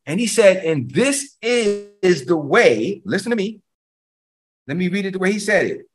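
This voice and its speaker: A man preaching an energetic sermon, talking fast, excited, and repeating words for emphasis. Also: sits high.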